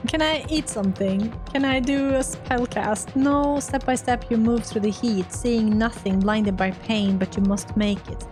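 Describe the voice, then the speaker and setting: A woman's voice: fairly high pitch, measured pace, hardly any pauses, over music. A woman streamer reading a role-playing game's text aloud and reacting to it, swearing and laughing when things go wrong. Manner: animated, swears and laughs at failures. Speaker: gaming streamer.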